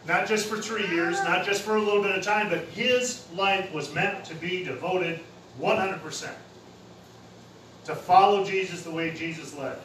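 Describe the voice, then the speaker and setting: A man's voice: sits high, normal speed, a bit bright. A man preaching a sermon in a plain-spoken, casual way, using everyday slang. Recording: roomy echo, heard from a distance with faint noise.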